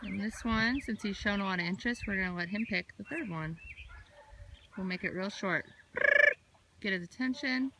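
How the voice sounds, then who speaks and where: A woman dog trainer giving a steady, explanatory lesson outdoors in a field. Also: medium pitch, normal speed, pauses often, heavy background noise. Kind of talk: instructional narration. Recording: echoey, from far off.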